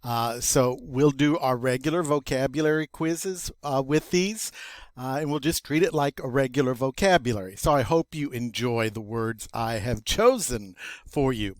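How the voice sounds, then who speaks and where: A man's voice: medium pitch, moderate pace, no echo. A man teaching a recorded vocabulary lesson in a chatty, self-amused way, spelling out pronunciation for students. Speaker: French teacher.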